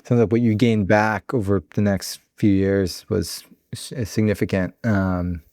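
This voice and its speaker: A man's voice: lowish voice, little pitch movement, measured pace, darkish tone, no room sound, clean studio sound. A man hosting an interview, offering affirming, reflective comments to his guest and asking follow-up questions. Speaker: host. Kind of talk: interview conversation.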